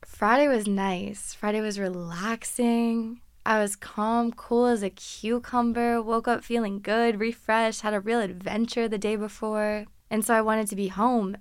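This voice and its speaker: A woman hosting a podcast, telling stories in a casual, animated, sarcastic way and laughing often. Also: mid-range voice, clean tone, dry recording, studio quality. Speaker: podcast host. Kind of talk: casual storytelling monologue.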